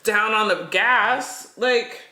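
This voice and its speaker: A middle-aged podcast co-host telling a story in casual chat, animated and breaking into nervous laughs. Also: mid-range voice, slow pace. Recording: echoey room.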